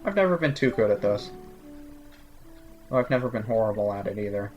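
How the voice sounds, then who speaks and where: A man's voice: on the low side, expressive, fairly quick, faint music behind. A man giving casual, sarcastic commentary over a video game playthrough. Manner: sarcastic, joking asides. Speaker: let's play commentator.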